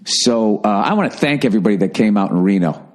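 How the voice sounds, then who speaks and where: A man's voice: fairly low pitch, animated, fast talker. A middle-aged man, a comedian, ranting heatedly and profanely in a sarcastic monologue.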